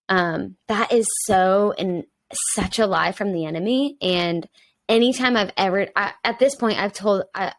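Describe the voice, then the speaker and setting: A woman's voice: medium pitch, unhurried, no room sound. A woman in her twenties, a podcast guest who mentors young women, speaking openly and personally with many "um"s and "like"s. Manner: open and personal, with many fillers like "um" and "like". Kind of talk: candid conversational podcast talk.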